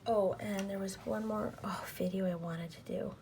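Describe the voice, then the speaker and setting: A woman in her thirties narrates a casual plan-with-me video from home, speaking softly and often half-whispering to herself as she gets flustered and pokes fun at her own mistakes. Her gravelly voice sits mid-range, with fairly even intonation and a moderate pace. The planner vlogger's noisy home recording carries some background sound.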